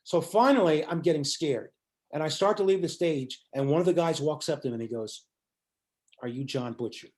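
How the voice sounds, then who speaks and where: A man's voice: on the high side, brisk. An older man, a musician guest in an interview, telling a story and acting out the lines of the people in it. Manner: animated storyteller acting out quotes.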